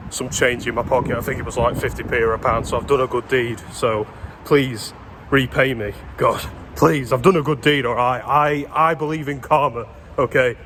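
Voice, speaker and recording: A man's voice: medium pitch, fairly even intonation, fast talker, few pauses, fairly bright tone, a little hiss or hum. A British man in his twenties, ranting and swearing as he tells stories while walking down a street. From Britain. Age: 20s. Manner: swearing, exasperated storytelling. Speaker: vlogger. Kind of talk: casual ranting vlog. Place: outdoors walking along a street.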